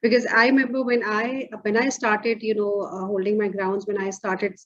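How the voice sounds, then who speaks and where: A woman's voice: medium pitch, little pitch movement, normal speed. A woman hosting an interview, asking casual, chatty questions and relating to her guest. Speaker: host. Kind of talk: conversational interview. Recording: slightly muffled audio.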